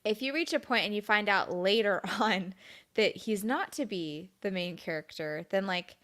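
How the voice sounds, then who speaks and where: A woman's voice: mid-range voice, normal speed, a bit bright. A woman on a casual discussion panel, talking in a chatty way with lots of "like" and frequent laughs. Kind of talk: casual roundtable chat.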